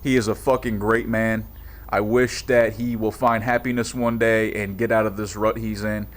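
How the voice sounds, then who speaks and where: A young man vlogging in a casual monologue, heartfelt and profane, halting with many restarts. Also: fairly low pitch, little pitch movement.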